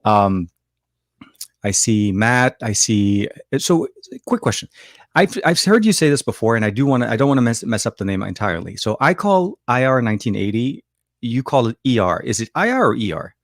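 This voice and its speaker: A man's voice: mid-range voice, big pitch swings, moderate pace, no echo, studio quality. A man co-hosting a casual tech chat, rambling with many fillers and restarts. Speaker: co-host.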